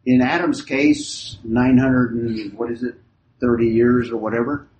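Here the man leading the Bible class speaks in a mid-range, a little mellow voice with flat delivery, a bit slowly. Emphatic, he poses questions, repeats the group's answers, and draws out key phrases, recorded in a roomy hall with faint hiss.

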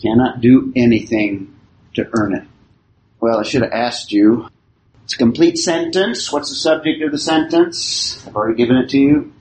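A man teaching a Bible class, explaining the text and putting questions to his students with halting restarts. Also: medium pitch, darkish tone, slight background noise, rough recording. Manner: slow and deliberate, with halting restarts.

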